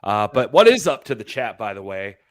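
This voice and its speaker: A man's voice: lowish voice, sing-song, fairly quick, no room sound, studio quality. A man hosting a casual livestream show, energetically greeting viewers and reading chat names aloud. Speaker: livestream host.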